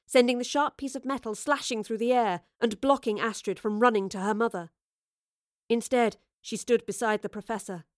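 A woman reads a dramatic tale in a measured storytelling voice. Her pitch sits slightly high, and the close, dry recording carries no room sound. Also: no echo. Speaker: audiobook reader. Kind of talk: scripted story narration.

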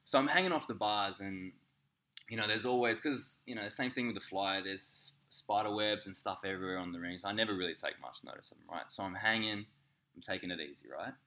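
Australian man, lowish voice, bright tone, animated storyteller, casual podcast chat. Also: brisk. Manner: animated, laughing, swearing, acts out voices in anecdotes. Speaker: podcast co-host, acupuncturist.

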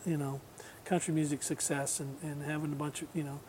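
A man with a somewhat high voice tells a story in easygoing conversation, wandering and laughing as he goes. He speaks as a guest musician, over a faint hum of room noise. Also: fairly quick. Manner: relaxed, rambling, laughs often, mimics voices in anecdotes. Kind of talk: casual storytelling.

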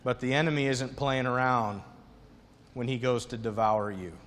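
Guy preaching, chatty animated stories, long echo in the room. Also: mid-range voice, moderate pace. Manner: animated storytelling, conversational. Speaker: pastor. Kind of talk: sermon.

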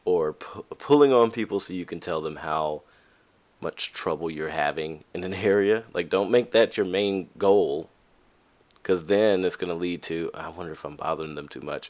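A man hosting a podcast, talking candidly and casually to listeners, with frequent fillers and restarts, and his voice jumps up high when he stresses a point. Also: moderate pace. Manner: lively, pitch jumps high for emphasis. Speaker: podcast host. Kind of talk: casual motivational monologue.

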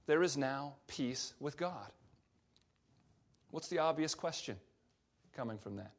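A man, a pastor, preaching a sermon and explaining scripture with frequent fillers and restarts. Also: a little high. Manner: reads scripture aloud slowly.

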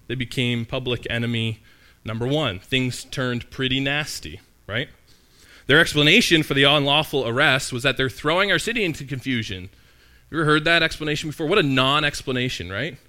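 A man preaching a sermon as pastor, animated and acting out the voices he quotes. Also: mid-range voice, fairly quick.

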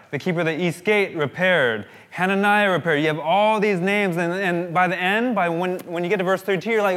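A man's voice: fairly high pitch, fairly bright tone. A male pastor giving a sermon in a conversational way, repeating phrases for emphasis.

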